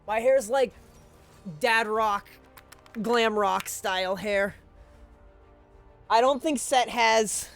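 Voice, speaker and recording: A man's voice: high voice, takes it slowly, pauses often, a bit bright, soft background music. A man streaming a video game, chatting casually to his viewers in a rambling, profane way, often cutting himself off and chuckling.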